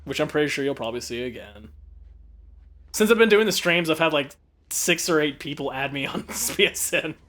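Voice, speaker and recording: A man's voice: on the high side, lively intonation, a little fast, a bit bright. Giggly young man commentating gameplay. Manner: giggly, jokey, gives gameplay tips. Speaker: let's play commentator.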